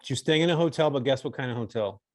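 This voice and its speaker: A man's voice: medium pitch, rapid-fire, no room sound. A man in his forties from California, a podcast guest telling a story in a laid-back, slangy way. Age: 40s. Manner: laid-back, slangy, says dude and bro. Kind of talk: casual storytelling interview.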